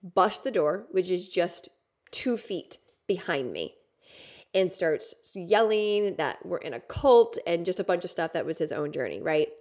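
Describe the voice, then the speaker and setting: A woman's voice: lowish voice, lively intonation, a little slow, darkish tone. A woman podcast host telling a personal story in a casual, rambling way, with many fillers and some swearing. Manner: casual, filler-heavy, swearing, intense retelling.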